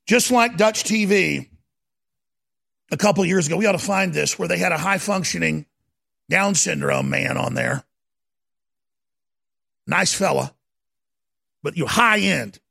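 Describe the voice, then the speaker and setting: A man's voice: a little high, unhurried, gravelly, pauses often, bright, forceful tone. A man delivering an urgent, ranting monologue, repeating phrases for dramatic effect. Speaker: commentator. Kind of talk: impassioned monologue.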